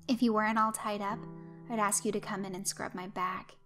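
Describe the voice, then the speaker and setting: A woman reading aloud puts on a brash young woman who mocks and swears. She is cocky and crude, her voice sitting near a middle pitch. Faint music plays beneath this audio story. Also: fairly even intonation, a little fast, a bit bright, lightly acted. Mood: teasing. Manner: teasing, foul-mouthed, cocky.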